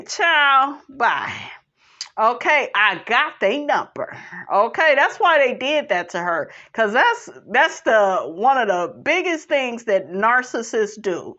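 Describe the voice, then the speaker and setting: Sassy, animated woman podcast host. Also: high voice. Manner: sassy and animated, laughs often, says "honey". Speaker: podcast host recapping a reality show. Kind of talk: casual recap chat. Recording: dull lo-fi recording.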